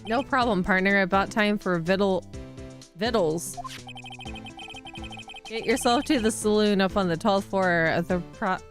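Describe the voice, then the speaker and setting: A woman voicing a folksy, territorial cowboy man in a video game, with a light drawl and a slightly lowered voice. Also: a little slow, pauses often, soft background music, lightly acted.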